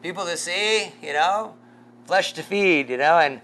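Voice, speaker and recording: A pastor leading a casual Bible study, rambling through a story with lots of fillers and chuckles. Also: male voice, sits high, measured pace, sharp tone, slight background noise.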